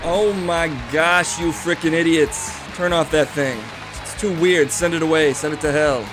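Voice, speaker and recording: A brash, trash-talking small-town ex-mayor, as a man puts him on in a comedy stream. His voice sits higher than the performer's own and comes out loud and boastful, often tipping into shouting. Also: steady tone, unhurried, music in the background, lightly acted. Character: brash insulting loudmouth male ex-mayor.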